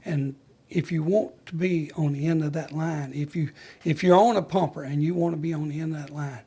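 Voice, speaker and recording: Gravelly older man telling stories. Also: fairly high pitch, steady tone, moderate pace, dark tone. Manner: folksy storyteller who acts out the dialogue he recalls. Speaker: retired fire chief. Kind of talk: storytelling interview.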